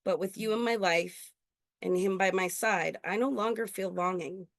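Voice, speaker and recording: A woman performing her own spoken-word poetry at an open mic, earnest and intimate, slowing on key lines. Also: medium pitch, vocal fry, no room sound, studio quality. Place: indoor open mic venue.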